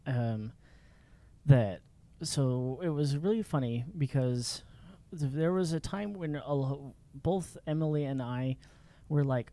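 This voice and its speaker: A man telling lively stories in a casual podcast chat, laughing often. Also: fairly high pitch, moderate pace, slight background noise. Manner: animated, laughing storyteller.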